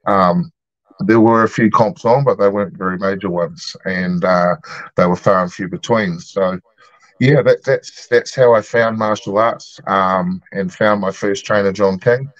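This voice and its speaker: Interview guest: New man, 40s, low voice, rambling and easygoing, dull dry recording. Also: no echo. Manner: easygoing, rambling, many ums and uhs. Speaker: guest, martial arts gym founder. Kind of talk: casual interview storytelling.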